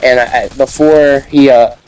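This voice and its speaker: A young man tells a story in a loose, casual monologue. He rambles, repeats himself and restarts his sentences, and his slangy talk sits at a middle pitch for a man. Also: steady tone, normal speed, a little mellow, clear, resonant tone, low-quality recording.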